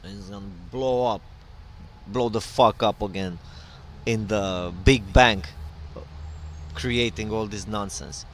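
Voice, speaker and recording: A man's voice: on the low side, slow, long pauses, a little hiss or hum. Rambling middle-aged podcast host, man. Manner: rambling, loose and digressive with many fillers. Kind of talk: casual solo monologue.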